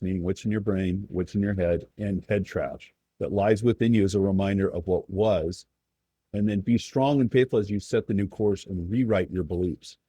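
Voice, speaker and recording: A man's voice: lowish voice, warm tone, husky, dry recording. Earnest man giving coaching advice. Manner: earnest, acts out players' and coaches' quotes. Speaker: guest coach.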